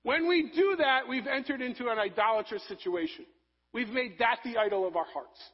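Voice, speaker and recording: A man preaching a sermon, rising to loud emphasis and dropping to soft, low passages. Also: fairly quick, breathy edge, lo-fi sound. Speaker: pastor.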